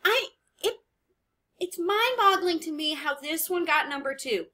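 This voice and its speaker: A woman hosting an anime reaction video, chatting casually and rambling as she pauses to comment. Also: very high voice, animated, bright, forceful tone.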